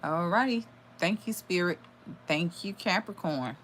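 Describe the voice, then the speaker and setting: A woman's voice: fairly low pitch, expressive, unhurried, background noise. A woman giving a live tarot reading, channeling messages aloud with sudden exclamations and blunt swearing. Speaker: tarot reader.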